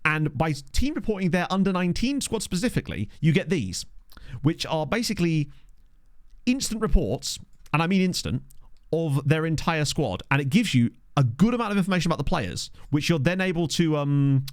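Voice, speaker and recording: A man's voice: normal speed, no room sound, studio quality. A young man from England streaming a management game, chatting casually and answering his chat as he plays. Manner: chatty, answers chat, lively pitch swings. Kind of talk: casual chat while playing. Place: home streaming setup. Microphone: desk microphone.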